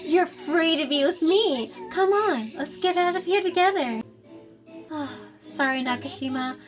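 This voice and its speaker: A woman's voice: high voice, animated, unhurried, music in the background. A woman voicing a jealous, gloating teenage schoolgirl who has turned to murder. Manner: gloating and cold.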